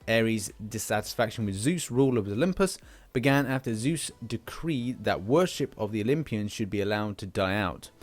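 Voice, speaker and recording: A man's voice: lowish voice, animated, normal speed, few pauses. British man rambling about a game. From Britain. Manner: rambling, lots of fillers and restarts. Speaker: game channel host. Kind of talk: casual game commentary.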